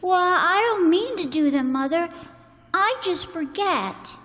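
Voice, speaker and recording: A woman's voice: extremely high pitch, animated, takes it slowly, fairly bright tone, in a large hall, heavily acted. A woman playing a sly young girl who is sweet to her father and defiant to her stepmother, in an amateur radio drama. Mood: innocent.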